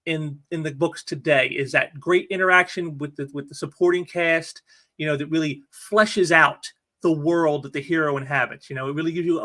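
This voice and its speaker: A man's voice: a little high, pushed and bright. A man hosting a casual comic review video, talking in an enthusiastic, chatty way.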